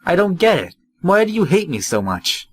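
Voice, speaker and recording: A man's voice: sits high, very animated, moderate pace, husky, no room sound, voice pushed up, heavily acted. A man voicing a bratty, irritable teenage girl prankster in a raised, teasing voice. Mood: pouting.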